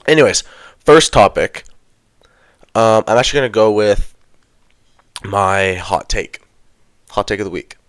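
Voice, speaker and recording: A man's voice: lowish voice, a little slow, long pauses, a bit bright, no echo. A young man co-hosting a podcast, chatting casually in a laid-back, rambling way. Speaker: podcast co-host.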